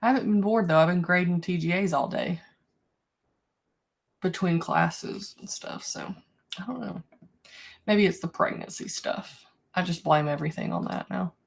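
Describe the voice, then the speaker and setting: A young woman teacher, talking her class through steps on a video call in a relaxed, chatty way. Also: fairly low pitch, gravelly. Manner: relaxed, chatty, with slow stretched prompts. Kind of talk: online class instructions. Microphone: computer mic on a video call.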